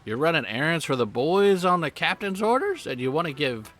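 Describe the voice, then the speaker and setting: Cocky taunting sailor w a southern drawl, bright and punchy, streamer doing the voice. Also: male voice, on the high side, big pitch swings, fairly quick, slight background noise, voice pushed up. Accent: put-on Southern US drawl. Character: mocking brawler sailor man, cocky and taunting. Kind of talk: reading game dialogue aloud.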